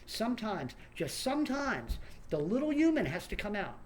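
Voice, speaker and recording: A man's voice: sits high, big pitch swings, normal speed, slight background noise. A man in an angry, swearing political rant who keeps stumbling over and repeating words. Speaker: online commentator.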